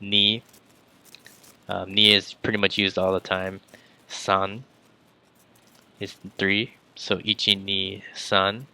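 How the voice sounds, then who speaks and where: A man with a low voice gives a relaxed online language lesson. His pitch stays fairly even, and his tone has a bright, forceful edge. He talks loosely, with plenty of um and like, and keeps addressing his viewers as guys. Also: slow pace, pauses often. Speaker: language teacher. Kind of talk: casual explanatory lesson.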